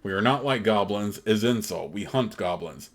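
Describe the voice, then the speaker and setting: A man's voice: lowish voice, normal speed. A man voicing a proud, burly old male troglodyte warrior who speaks in broken, simple phrases.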